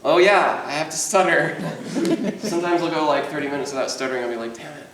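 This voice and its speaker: A man with a slightly high voice speaks casually on a convention panel, stumbling and repeating words in a mild natural stutter. He is far from the mic in a very echoey hall. A faint hiss sits under the room sound. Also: fast talker. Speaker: convention panelist, mime performer.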